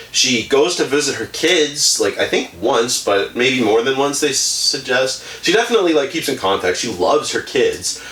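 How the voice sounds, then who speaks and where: A young man rambles through a book review, swearing often and filling every gap with fillers. His mid-pitched voice sounds roomy, caught from a little away from the mic. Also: fairly bright tone, distant mic. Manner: profane, rambling, full of "like" and laughs. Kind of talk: casual book review retelling a plot.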